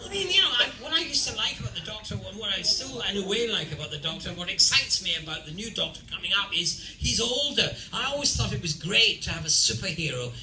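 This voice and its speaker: A man's voice: sits high, lively intonation, fast talker, hardly any pauses, bright, forceful tone, recorded from a distance. An older man with a Scottish accent, a convention panel guest telling playful stories with laughing asides. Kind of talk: anecdotal storytelling to an audience. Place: large convention hall. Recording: echoey hall with crowd.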